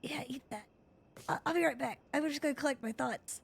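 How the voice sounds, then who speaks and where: Young woman streamer, very high voice, excitable and swearing. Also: brisk, gravelly, slightly rough. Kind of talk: live-streamed game roleplay chat.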